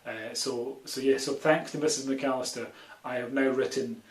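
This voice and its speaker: A man with a Scottish accent, a children's author telling an animated, casual story with many ums. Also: medium pitch, moderate pace. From Scotland. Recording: echoey room.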